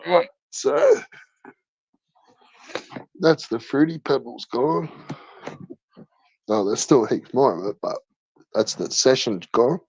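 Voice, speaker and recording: A man's voice: medium pitch, lively intonation, unhurried, pauses often, darkish tone, slightly rough, dry recording, dull audio. A man hosting a livestream, chatting casually and crudely, swearing constantly in slangy banter. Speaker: livestream host.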